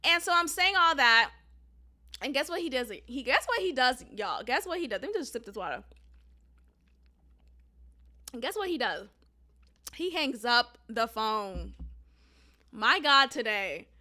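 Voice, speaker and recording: A woman's voice: high-pitched, moderate pace. A woman hosting a podcast, telling a personal story in a casual, emphatic way, sometimes cursing and calling her listeners y'all. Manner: emphatic, animated, profane, addresses listeners as y'all. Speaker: podcast host.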